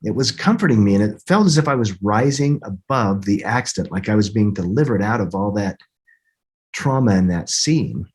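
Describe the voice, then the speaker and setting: Here a middle-aged man shares a personal story on a podcast, his husky voice lowish and expressive. He speaks earnestly, though haltingly, frequently starting sentences over.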